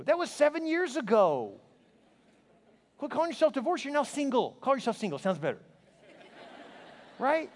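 A man's voice: very high voice, wildly swooping pitch, normal speed, long pauses. A man preaching a sermon as a pastor, emphatic and exhorting, with playful asides. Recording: long reverb of a large hall.

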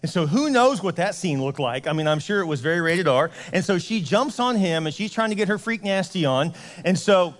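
A pastor with a high voice tells a story in a loose, joking way and keeps slipping into the characters' voices. His talk rings out with the long reverb of a church hall. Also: lively intonation, a little fast. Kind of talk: casual comedic sermon. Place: church sanctuary.

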